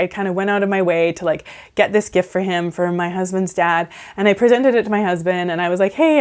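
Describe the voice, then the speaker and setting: A woman with a fairly low voice talks through advice as a counsellor. Her delivery is casual and conversational. She often asks "right?" and leans on "like" as she goes. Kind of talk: casual advice talk to camera.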